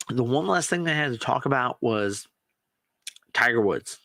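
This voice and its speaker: A man hosting a podcast, chatting casually and excitably about sports and swearing now and then. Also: medium pitch, normal speed, vocal fry, no echo. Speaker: podcast host. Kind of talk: casual solo chat.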